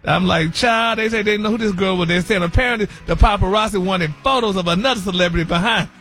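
A man's voice: high-pitched, quick pace, pushed and bright. A man giving celebrity gossip on a radio morning show, sassy and flamboyant, calling people honey and baby and laughing through his own stories.

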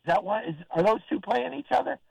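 An older man from Oregon calling into a sports talk show, rambling in a halting, friendly way with lots of fillers and restarts. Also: high voice, animated, gravelly, a little mellow, breathy edge, dry recording, poor audio. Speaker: caller. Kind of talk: casual call-in chat.

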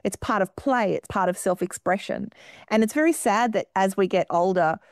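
A woman guest in an interview, explaining her ideas in long, flowing, expressive sentences. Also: medium pitch, normal speed, no room sound, studio quality. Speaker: guest musician. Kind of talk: radio interview.

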